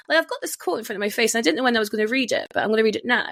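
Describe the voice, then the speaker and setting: A woman hosting a podcast, talking casually and emphatically, with her pitch leaping up on stressed words. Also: rapid-fire, gravelly, hardly any pauses, fairly bright tone, no room sound. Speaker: podcast host.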